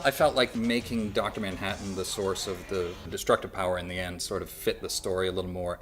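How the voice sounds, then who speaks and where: A man's voice: low-pitched, a bit bright. A man answering interview questions casually, a little hesitant and repeating words, with dry humor. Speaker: voice actor guest.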